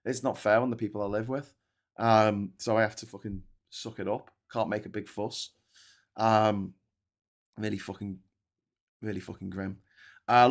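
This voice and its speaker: Sweary ranting male stream host. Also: on the low side. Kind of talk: live-stream commentary reading viewer comments.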